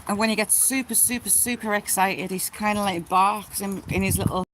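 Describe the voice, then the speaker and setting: A woman's voice: medium pitch, steady tone, normal speed, background noise. A woman chatting casually on a live stream, reading viewer comments and talking bluntly to her dogs at home.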